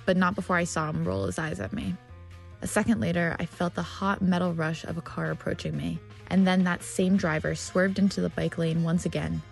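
A woman's voice: on the low side, vocal fry. A woman reading a personal story aloud, with vivid, dramatic delivery.

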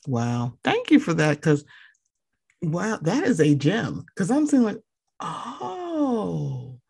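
A woman hosting a podcast in easy conversation, her voice husky with a gravelly edge. Her pitch swings widely as she reacts and plays out little quoted moments. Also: measured pace. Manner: animated, reacts often, acts out quotes.

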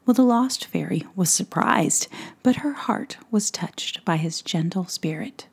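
A woman telling a fairy tale in a soft, hushed whisper as storyteller. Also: lowish voice, expressive, unhurried, gravelly, husky.

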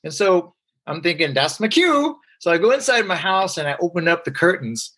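Male guest, chatty storyteller who slips into voices for quotes; a bit high. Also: moderate pace, breathy edge. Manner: lively, acts out quoted voices, many fillers. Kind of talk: personal storytelling.

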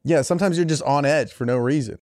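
Deadpan man in casual comedic chat. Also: a little high, fast talker. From Oklahoma City. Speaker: podcast co-host.

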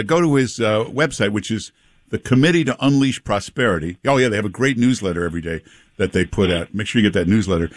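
A man hosting a talk radio show, joking and mocking in a casual, lively way. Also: mid-range voice, dry recording, clean studio sound. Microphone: studio mic.

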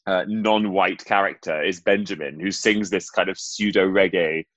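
A man's voice: sits low, steady tone, moderate pace, fairly bright tone, dry recording. Chatty guest guy rambling with laughs, dry close mic. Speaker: guest singer. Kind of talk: casual chat.

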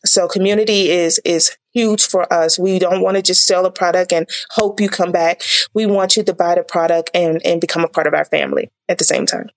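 A woman's voice: lowish voice, fairly even intonation, fairly quick. A woman being interviewed as a small business owner, talking earnestly and reflectively with frequent fillers and restarts in a casual conversation. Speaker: tea business owner guest.

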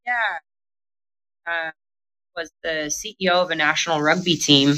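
A middle-aged woman talks candidly in a conversation, her voice bright and forward. She is blunt and profane, laughing as she goes and acting out other people's lines as she tells her story. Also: low voice, unhurried, low-quality recording. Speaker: guest telling her recovery story.

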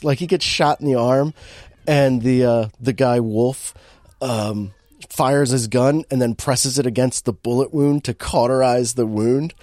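A man's voice: mid-range voice, darkish tone, no room sound, clean studio sound. A man in casual chat, recapping a movie with lots of fillers and restarts and an amused tone. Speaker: podcast co-host recapping a movie.

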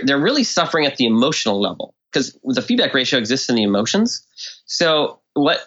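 A man of middle pitch explaining his ideas as a podcast guest, now and then slipping into little acted-out quotes. His voice moves up and down with energy. The sound is a bit dull and lo-fi. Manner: animated, acts out quoted speech with swings in tone. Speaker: guest expert. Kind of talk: conversational explanation.

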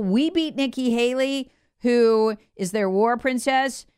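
A woman's voice: a little high, big pitch swings, moderate pace, darkish tone, clear, resonant tone, no room sound, studio quality. A woman hosting a political commentary show, talking in an emphatic, indignant monologue with sarcastic asides.

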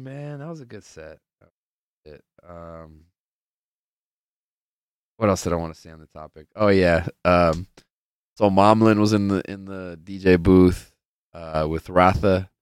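Young male podcast host, very low and smooth voice, loose and profane, rambling storyteller. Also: fairly even intonation, a little slow, long pauses, dry recording, studio quality. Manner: rambling and profane, heavy on filler words; loose storyteller who plays out the people in his stories. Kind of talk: casual chat.

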